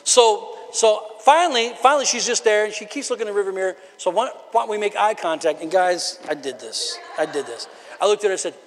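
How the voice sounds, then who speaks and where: A man preaches to his congregation in an easy, storytelling way, now and then climbing into loud exhortations. His voice sits high for a man. The sound rings with the long reverb of a church hall. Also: animated, fairly quick. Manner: conversational preaching with rising shouted bursts. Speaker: pastor. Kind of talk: sermon. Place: church sanctuary.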